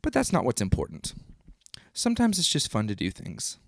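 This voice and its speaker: A man in his thirties hosting a live stream, talking casually in a rambling, animated way that often interrupts itself. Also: medium pitch, normal speed, creaky, dry recording, clean studio sound. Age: 30s. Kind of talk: casual livestream monologue.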